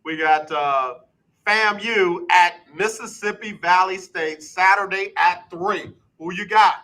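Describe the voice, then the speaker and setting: A man hosting a casual sports talk radio show, quizzing his guest in a brisk, repetitive rhythm. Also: sits high, bright, forceful tone, poor audio.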